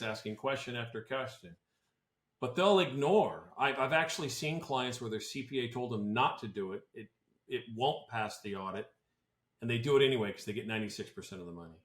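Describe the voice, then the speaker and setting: A man's voice: medium pitch, a bit bright. A man who advises on tax planning talks on a podcast in a casual, blunt and opinionated way, often restarting his sentences. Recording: roomy echo.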